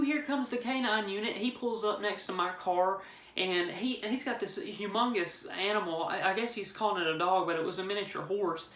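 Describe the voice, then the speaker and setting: A man's voice: high-pitched, moderate pace, fairly bright tone. Guy spinning a rambling, jokey story, recorded in an echoey room. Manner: rambling, joking, with frequent restarts. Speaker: vlogger telling a personal story. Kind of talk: casual storytelling. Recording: roomy echo.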